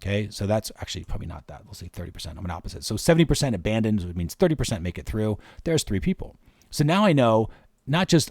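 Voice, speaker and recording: A man's voice: lowish voice, lively intonation, fast talker, a little mellow, dry recording, studio quality. A man hosting a marketing workshop, walking casually through spreadsheet figures step by step. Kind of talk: screen-share workshop explanation.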